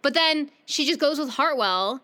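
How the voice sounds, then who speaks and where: A young woman co-hosting a casual book podcast, with a high, bright voice. She retells scenes by acting out each character's lines in quick quoted voices and swears freely as she goes. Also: animated. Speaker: podcast co-host.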